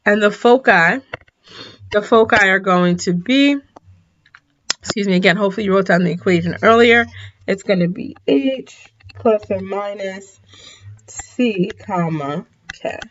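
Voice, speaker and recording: A woman teacher walks through a math problem in a relaxed, casual way, tired and stifling yawns as she goes. She corrects herself often and apologizes along the way. Her voice sits at a middle pitch, and the recording sounds dull and lo-fi. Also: measured pace, a little hiss or hum. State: yawning, tired. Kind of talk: recorded lesson at a whiteboard.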